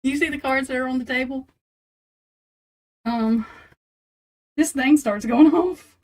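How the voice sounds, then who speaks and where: Giggly, flustered high-voiced woman. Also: takes it slowly. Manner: giggly and flustered, laughing between lines; talks straight to viewers and chat. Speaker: tarot reader on a live stream. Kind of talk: casual live-stream chat with viewers.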